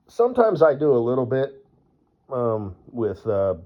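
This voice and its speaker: A man's voice: medium pitch, big pitch swings, takes it slowly. Man, casual rambling monologue, lots of fillers, muffled lo-fi audio. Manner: rambling, full of fillers, laughs at his own jokes. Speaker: vlogger. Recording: dull lo-fi recording.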